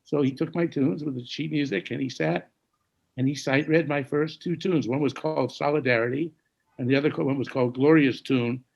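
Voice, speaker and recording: Gravelly-voiced man in his sixties. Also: fairly high pitch, fairly even intonation, brisk, highs cut off. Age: 60s. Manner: gravelly, hushed when quoting others, scats melodies. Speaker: jazz saxophonist telling stories. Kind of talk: conversational storytelling.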